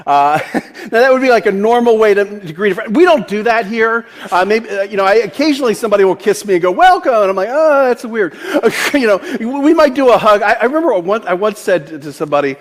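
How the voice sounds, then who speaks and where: A man's voice: high voice, animated, fast talker. A man preaching a conversational sermon as pastor, chatty and joking, often restarting his sentences.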